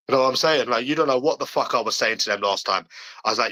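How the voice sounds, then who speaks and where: A man's voice: medium pitch, fast, sharp tone, no room sound, low-quality recording. A man ranting on a livestream, talking bluntly and profanely and repeating himself, while addressing viewers in chat. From London, England.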